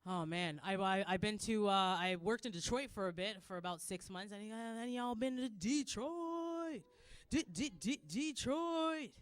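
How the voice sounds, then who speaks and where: A young Canadian woman with a Canadian accent doing a loud, animated stand-up set, acting out characters and laughing often. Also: mid-range voice, moderate pace, smooth, no room sound. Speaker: stand-up comedian.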